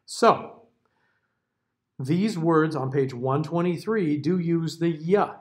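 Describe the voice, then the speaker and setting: A man's voice: a little high, slow pace. An American man giving a classroom diction lecture, carefully over-enunciating example words. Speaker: diction teacher.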